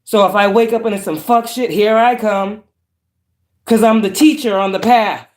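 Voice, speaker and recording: A woman giving a tarot reading as a spiritual monologue, cursing freely and swinging between calm, preachy warmth and harsh put-downs. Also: fairly high pitch, reverberant. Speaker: tarot reader.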